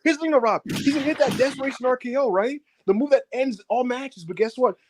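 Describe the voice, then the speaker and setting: A man co-hosting a casual wrestling review show, animated and profane, laughing often and acting out what people said. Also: very high-pitched, fast talker, noisy background. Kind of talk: casual show recap chat.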